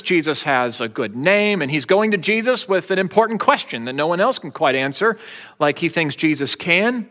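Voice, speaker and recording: A man's voice: fairly high pitch, a bit bright, in a large hall. A man preaching a sermon as pastor, in a conversational way with wry, joking asides.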